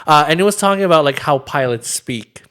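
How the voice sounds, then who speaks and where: A man's voice: on the high side, expressive, fairly bright tone, clean tone. A man co-hosting a podcast in loose, casual chat. He rambles, fills his sentences with ums and likes, and breaks into laughter often. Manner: rambling, heavy with fillers, quick to laugh. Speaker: podcast co-host.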